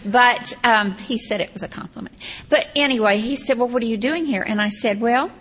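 A woman's voice: on the high side, fairly quick, fairly bright tone. A woman from Texas, telling a rambling personal story with wry asides. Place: seated on a stage or chair.

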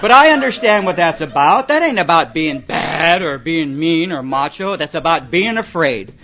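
A man's voice: on the high side, lively intonation, moderate pace, bright, forceful tone. A man telling funny stories from his life to a recovery meeting, rambling and dropping "you know" and "man" constantly. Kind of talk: comic storytelling talk to an audience. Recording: muffled recording with audience laughter. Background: audience laughing.

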